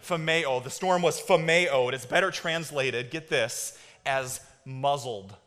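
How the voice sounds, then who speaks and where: A man preaching a sermon as pastor, moving between hushed and loud, excited storytelling, and asking the congregation to repeat words. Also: medium pitch, slow. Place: church sanctuary. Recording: long hall reverb.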